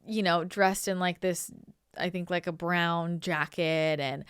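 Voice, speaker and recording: Her voice is lowish, a bit bright and clean, with fairly even intonation and an unhurried pace, captured in clean studio sound with no echo. She's a channeler and show host from Northern California, casually rambling through a story and leaning heavily on "like" and "you know."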